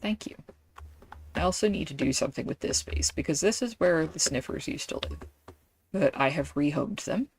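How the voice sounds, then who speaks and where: A woman's voice: deep voice, expressive, fairly quick, a little hiss or hum. A woman streaming a game, chatting casually and rambling with lots of fillers and self-deprecating asides.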